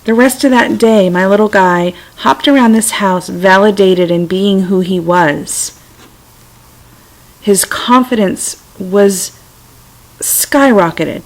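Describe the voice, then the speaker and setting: A middle-aged woman talking gently and reflectively to her computer's webcam at home, with self-amused asides. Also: medium pitch, takes it slowly, poor audio. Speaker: vlogger sharing personal stories. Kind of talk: casual spiritual talk to camera. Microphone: computer webcam mic.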